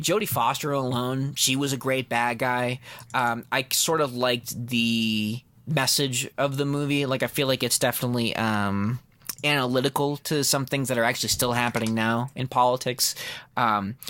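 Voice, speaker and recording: A man's voice: medium pitch, moderate pace, bright, forceful tone. A man co-hosting a comics podcast in casual chat, rambling with lots of fillers and laughter. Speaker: podcast co-host.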